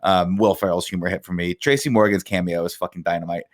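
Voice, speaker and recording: A man co-hosting a casual podcast chat, relaxed and rambling, laughing between points. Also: deep voice, quick pace, dry recording, studio quality. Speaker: podcast co-host.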